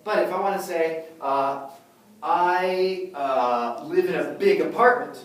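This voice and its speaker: A man's voice: fairly high pitch, takes it slowly, recorded from a distance. A man teaching a language class, explaining patiently and often checking in with the students. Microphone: far camera. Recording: very echoey room, recorded from afar.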